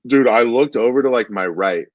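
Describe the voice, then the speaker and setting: A male stand-up comic speaks at medium pitch and a moderate pace, rambling casually through a story full of fillers. "Dude" shows up constantly, along with plenty of "like." The audio is dull, lo-fi and dry, without echo.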